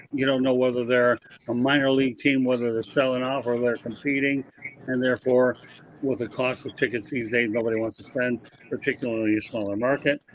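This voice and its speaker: A man's voice: medium pitch, a bit bright, slight background noise. Man hosting a casual baseball talk. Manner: opinionated, rambling, leads the panel. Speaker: podcast host.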